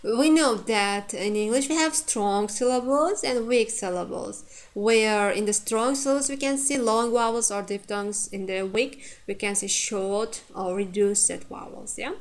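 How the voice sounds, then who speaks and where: A woman teacher lecturing on word stress, repeating each example word and pausing on frequent fillers. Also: mid-range voice. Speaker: English phonetics teacher.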